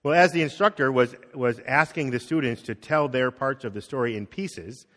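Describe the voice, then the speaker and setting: A middle-aged man, a pastor, preaching a conversational sermon, acting out quotes and dropping soft on key words. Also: medium pitch, normal speed. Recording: long reverb of a hall.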